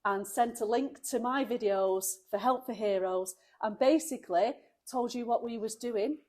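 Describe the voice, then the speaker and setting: Emotional woman vlogger, slightly high. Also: normal speed. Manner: warm, emotional, laughs often. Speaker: vlogger leading a car restoration. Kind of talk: casual chat to camera.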